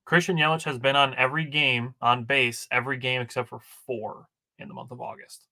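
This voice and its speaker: A man from Wisconsin talks baseball on a casual podcast, running through plays and numbers from his notes. His voice is bright and forceful, with the odd dry joke. He sits at a middling pitch. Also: steady tone, a little fast. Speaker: podcast co-host. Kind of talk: casual sports chat.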